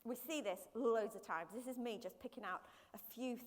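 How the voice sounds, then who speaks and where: A woman gives a lively sermon in church, her voice high and bright. Her words ring out with the long reverb of a large hall, caught on a live stream. She breaks into quick everyday voices to make her points. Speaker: preacher.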